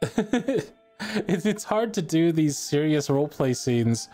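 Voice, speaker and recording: A player chatting casually after a game session, relaxed and quick to laugh. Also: mid-range voice. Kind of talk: casual post-session chat. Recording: faint music behind the voice.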